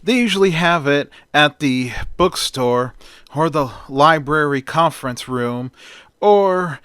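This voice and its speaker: A man's voice: on the high side, slow, clean tone, no room sound, clean studio sound. Man reading a sleepy young girlfriend. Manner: drowsy, soft.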